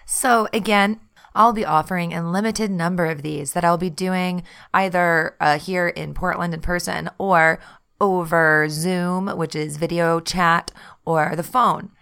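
A woman's voice: on the low side, steady tone, unhurried, gravelly, clean tone. A woman hosting a podcast as a tarot reader, talking in a chatty, friendly way with frequent laughs. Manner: chatty and warm-hearted, laughs often, says "y'all". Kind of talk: casual podcast monologue.

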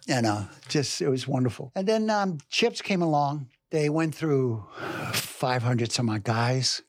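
An older man with a New York accent, telling an animated story in an interview and acting out scenes and voices. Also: fairly high pitch, a little slow. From New York City. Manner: lively storyteller who acts out voices and scenes. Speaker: actor telling stories.

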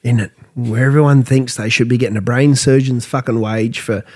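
A man's voice: mid-range voice, fairly even intonation, brisk, breathy edge. A tired, tipsy Australian man in his thirties, co-hosting a crude, casual pub chat. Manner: blunt, swearing, laughs loudly at his own jokes. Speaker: podcast co-host.

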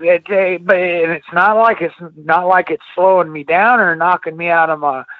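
A man's voice: high-pitched, moderate pace, dry recording, phone-quality sound. Older man telling rambling stories by phone. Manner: rambling, animated, full of sound effects. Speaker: guest, former wrestler. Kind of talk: casual storytelling.

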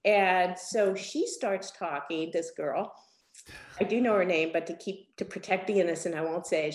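An older woman, a guest in an interview, telling a story with lively acted-out quotes. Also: medium pitch. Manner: animated, acts out quotes. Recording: echoey room.

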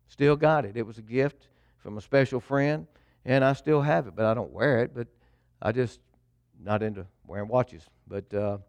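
A middle-aged preacher, a man chatting through a personal testimony in an easygoing, folksy way. His voice sits at an ordinary pitch for a man and sounds dry and close, with no room around it. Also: a little mellow, no room sound, highs cut off. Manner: folksy storytelling, addresses congregation. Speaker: pastor. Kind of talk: sermon testimony.

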